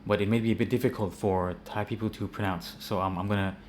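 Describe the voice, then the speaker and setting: A man with an American accent giving a relaxed spoken English lesson, pausing with fillers and repeating words as he explains pronunciation. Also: fairly low pitch, slight background noise. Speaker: English teacher.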